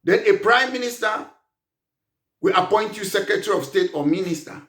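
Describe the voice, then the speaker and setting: A man's voice: sits high, expressive, normal speed, fairly bright tone, reverberant. A man leading a political party, delivering an emphatic political monologue full of rhetorical questions. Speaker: party leader.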